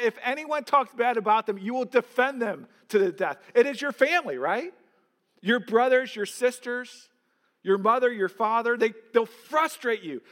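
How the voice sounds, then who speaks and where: A pastor with a high, slightly bright voice preaches a sermon in a reverberant hall. His delivery is earnest and emphatic, peppered with rhetorical questions.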